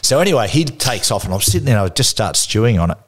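Deep-voiced Australian man telling stories. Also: fast talker. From Newcastle, Australia. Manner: lively anecdotal, laughs through stories. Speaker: guest. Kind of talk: casual interview storytelling.

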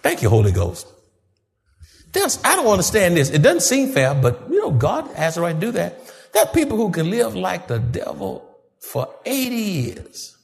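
A man preaching a fervent sermon, rising to shouts and calling on the congregation to answer back. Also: high voice, big-room sound. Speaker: pastor.

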